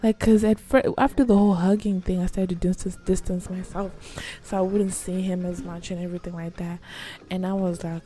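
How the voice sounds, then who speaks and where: A young woman vlogger telling a story in a casual, soft-spoken ASMR style, chatty and peppered with "like". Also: fairly low pitch, level tone, a little fast, faint music behind.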